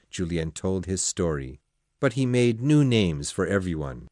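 A man narrates a classic novel as a scripted audiobook, telling the story expressively. His voice sits low yet moves with lively, animated pitch. The recording is dry and close. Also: unhurried, no room sound.

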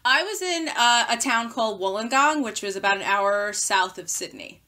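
A woman with a strong Queens New York accent and a bright, sharp voice. She chats as a podcast guest, animated and quick to laugh. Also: fairly high pitch. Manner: animated, storytelling, laughing easily. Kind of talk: casual chat.

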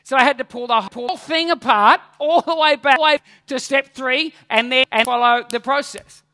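A male pastor, preaching a sermon with animated, humorous storytelling. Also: very high voice, normal speed, no echo, studio quality.

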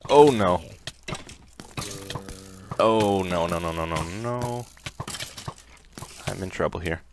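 A young man giving let's play commentary on a video game, easily startled into yelps and laughs between calm, musing remarks. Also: low voice, slow, slight background noise. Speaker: gaming commentator.

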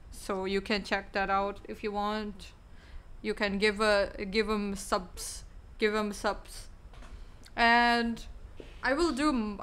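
A woman's voice: on the high side, fairly bright tone, clean tone. A young woman with an Indonesian accent, a game streamer chatting casually and rambling through her sign-off, repeating words and goodbyes.

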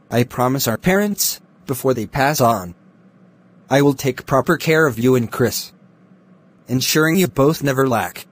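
A man voicing a wealthy, secretly wicked uncle in a Christian cartoon, speaking in a bossy, scornful way with a husky voice. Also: mid-range voice. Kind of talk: Christian animation voice acting.

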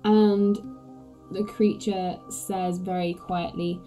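Slow, mellow woman game master. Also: mid-range voice, fairly even intonation, faint music behind, rough recording. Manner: hesitant, filler-heavy description. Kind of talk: narrating a tabletop game.

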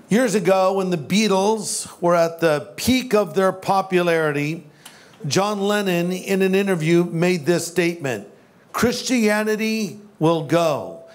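A male pastor with a high speaking voice for a man delivers a sermon. His tone is loose and conversational, with jokes and playful asides. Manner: jokey, conversational, does voices.

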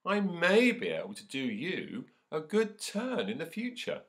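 A squeaky little storybook mouse, put on by a man, small and polite but brave. The voice is raised high and a touch thin. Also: wildly swooping pitch, a little slow, a bit bright, heavily acted. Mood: earnest. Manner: squeaky, pleading.

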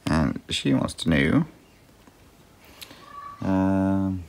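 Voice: low voice, very animated, extremely slow, gravelly, slight background noise. A cross-stitch vlogger in a casual chat, answering viewer questions in a rambling way with many ums and little laughs. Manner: talks to a pet between answers.

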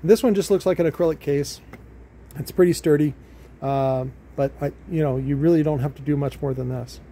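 Male shop host, unboxing video, loose filler-heavy ramble, slightly raised pitch, soft dark tone. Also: fairly quick, slight background noise. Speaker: car audio shop owner and video host. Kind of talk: casual product unboxing talk.

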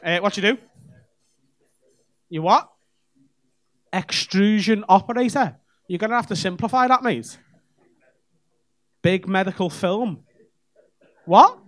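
Cheeky high-voiced comic. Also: male voice, slow, long pauses. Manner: cheeky, swearing banter with audience. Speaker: stand-up comedian. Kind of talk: crowd work. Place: comedy club stage. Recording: live comedy club with audience laughter.

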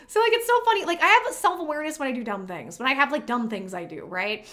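A woman's voice: sits high, animated, fast, fairly bright tone. A woman vlogger at her home setup, telling a personal story to the camera in a chatty, rambling, self-deprecating way.

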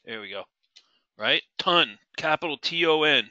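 A man's voice: on the high side, animated, measured pace, pushed and bright, dry recording, dull audio. A middle-aged man teaching a live trading webinar, asking the audience questions and repeating key words for emphasis. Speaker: trading instructor.

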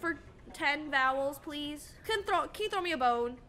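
Girl streamer playing a horror game, talks to chat, super high voice, goes all over the place, giggly and excitable. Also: normal speed, a little hiss or hum. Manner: excitable, giggly, chats to viewers. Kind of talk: casual gameplay commentary.

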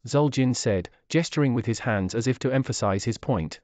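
A man narrates a fantasy tale in steady, scripted storytelling. His voice sits in a middle range and the sound is dry and close. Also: mid-range voice, moderate pace, few pauses, no echo.

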